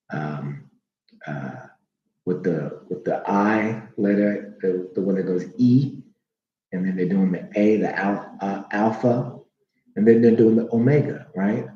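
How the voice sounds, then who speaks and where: A man giving a slow teaching monologue, repeating names aloud with many fillers. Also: low voice, warm tone. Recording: dull echoey room recording.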